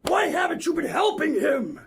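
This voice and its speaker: A woman voicing a stern male alien warrior, shouting in exasperated scolding. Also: high-pitched, big pitch swings, moderate pace, slight background noise.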